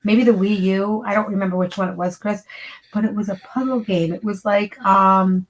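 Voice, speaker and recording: A woman's voice: medium pitch, fairly even intonation, moderate pace, low-quality recording. A middle-aged woman co-hosting a casual online chat, telling stories and offering support. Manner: chatty storytelling, supportive. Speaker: co-host.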